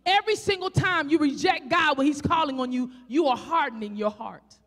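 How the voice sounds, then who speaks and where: A Southern woman preacher with a country accent delivers a fervent sermon in a church sanctuary, her high voice moving a little fast. She fires off rhetorical questions, climbs to shouts, and stretches out scripture as she reads, all in an echoey hall.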